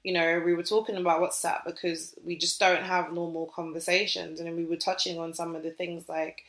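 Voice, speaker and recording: A woman with a British accent co-hosting a podcast, telling stories in a chatty, animated way with lots of fillers. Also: fairly low pitch, a little fast, reverberant. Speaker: podcast co-host. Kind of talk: casual podcast chat.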